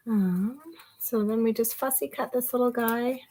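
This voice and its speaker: A woman giving a relaxed card-making tutorial, chatting and thinking aloud as she works. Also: on the high side, poor audio. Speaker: craft demonstrator.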